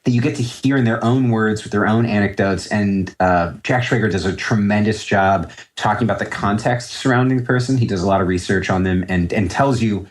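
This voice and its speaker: A man's voice: fairly low pitch, a little fast, hardly any pauses. A man in his thirties, a trader answering interview questions in a reflective, rambling way with many fillers and restarts. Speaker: trader guest.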